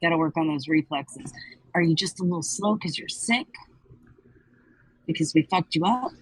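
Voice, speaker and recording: A woman's voice: on the low side, moderate pace, breathy edge, rough recording. A woman player in a tabletop game, blunt and teasing.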